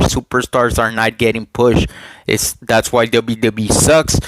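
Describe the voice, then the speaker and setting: A man speaks into a headset mic in a casual home vlog, at a slow, unhurried pace. He talks in halting bursts, repeats words and throws questions at his viewers. The sound is dry and close. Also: mid-range voice, fairly bright tone, no echo, poor audio. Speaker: YouTuber giving wrestling predictions.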